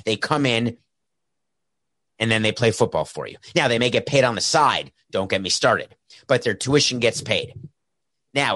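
A man's voice: medium pitch, a bit bright, no room sound. Sarcastic man hosting sports talk. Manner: sarcastic, rambling, jokey asides. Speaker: sports podcast host. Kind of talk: casual solo sports talk. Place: home studio set with camera and soundboard. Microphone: headset mic with earpiece.

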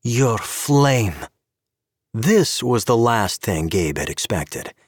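A man giving an expressive scripted narration of an audio story. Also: lowish voice, takes it slowly, husky, no room sound, studio quality.

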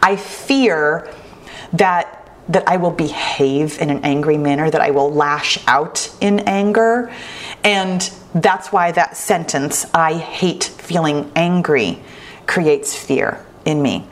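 A woman hosting a solo talk, speaking earnestly and reflectively, slow and deliberate with lively asides. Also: low-pitched.

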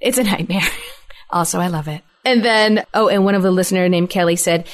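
A woman's voice: on the low side, fairly quick. A woman hosting a casual podcast chat, retelling listener stories and asking her co-host questions. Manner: warm storyteller reading listener stories.

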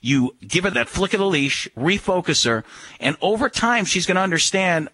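A man's voice: a little high, big pitch swings, moderate pace, sharp tone, soft background music. A man giving firm, instructive dog-handling advice in a casual radio chat.

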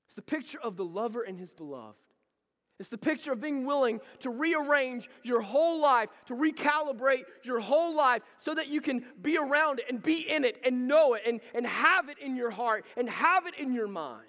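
A man's voice: extremely high pitch, a bit bright, big-room sound. A man preaching a sermon, emphatic and repetitive, building intensity as he talks.

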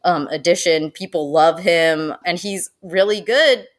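A woman who manages zoo education, guesting on a podcast, talking in a lively way and laughing often. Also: lowish voice, a little slow. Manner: animated and chatty, laughs often, uses many fillers. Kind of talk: casual podcast interview.

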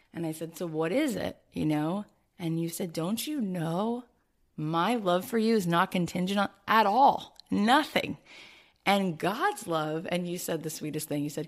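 A woman hosting a heartfelt conversation, her voice sitting a little low. She talks earnestly, retelling a personal story and acting out what others said to her. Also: moderate pace, darkish tone. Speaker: host.

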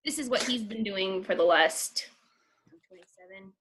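A woman's voice: mid-range voice, normal speed, a little hiss or hum. Chatty woman, casual podcast. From United States. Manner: chatty and animated, swears freely, many fillers. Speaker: podcast co-host. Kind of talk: casual chat.

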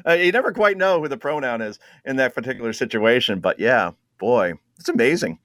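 A man hosting a radio talk show, sarcastic and quick to laugh at his own jokes while he cues up clips. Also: medium pitch, expressive, fairly bright tone, dry recording, clean studio sound. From New Jersey.

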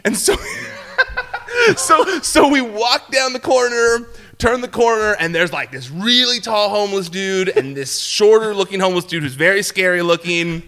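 Bright-voiced young man telling a story. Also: moderate pace. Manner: animated storyteller, acts out quotes in a higher voice, many fillers and restarts. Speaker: podcast guest, former entertainment reporter. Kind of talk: casual storytelling chat.

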